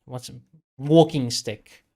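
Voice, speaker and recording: A man runs a tabletop game, speaking slowly and haltingly. He often stops to search for words while he describes the scene. His pitch sits in an ordinary middle range. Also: crowd noise. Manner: slow and hesitant, many pauses and fillers. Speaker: game master.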